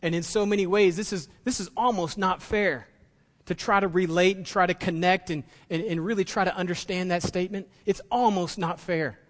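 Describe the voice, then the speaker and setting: Male pastor, fairly high voice, passionate sermon delivery, long hall reverb. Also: fairly even intonation, normal speed, hardly any pauses. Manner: impassioned preaching, rising to emphatic peaks.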